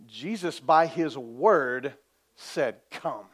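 A man preaching a sermon as pastor, telling the story vividly, asking for amens and dropping from loud to hushed. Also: sits high, a little slow. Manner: lively storytelling, swings between loud and hushed; asks the congregation for amens.

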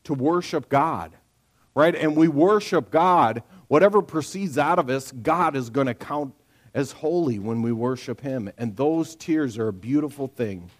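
A middle-aged man preaching to his church in a loose, conversational way. He tells everyday stories, acts out the voices of the people in them, and keeps checking in with the room with a quick "right?". His voice sits at an ordinary middle pitch. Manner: animated storyteller, acts out quotes, frequent "right?"; lively conversational sermon delivery. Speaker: pastor. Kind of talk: sermon.

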